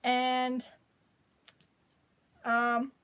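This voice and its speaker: A woman with a voice a little above the usual pitch tells a story straight to camera. She rambles, drops slang, restarts her sentences and keeps breaking into laughter as she goes. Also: completely flat delivery, extremely slow, fairly bright tone, slight background noise. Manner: breaks into laughter while telling it. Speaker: vlogger. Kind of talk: casual storytelling.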